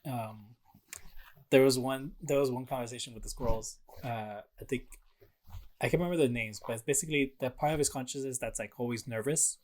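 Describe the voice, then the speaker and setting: A man's voice: mid-range voice, fairly quick, darkish tone. A man co-hosting a casual podcast, talking through a video game with lots of fillers and laughs. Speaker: podcast co-host.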